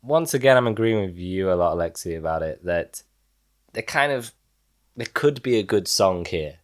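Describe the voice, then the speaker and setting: A man co-hosting a podcast, giving his opinions on an album in a measured, hesitant way, often pausing on ums and likes. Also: low voice, expressive. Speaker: podcast co-host. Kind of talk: casual album review chat.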